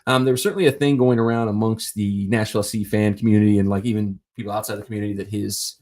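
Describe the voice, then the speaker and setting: Host for a solo sports live stream: man, lowish voice, casual and rambling. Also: fairly even intonation, very fast, a little mellow. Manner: rambling, many fillers and restarts.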